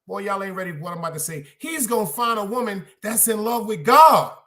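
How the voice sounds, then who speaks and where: A man hosting a podcast, preaching loudly and with a lot of swearing, and putting questions to his listeners. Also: high-pitched, animated, brisk. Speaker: podcast host. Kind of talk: casual preaching monologue to a live chat.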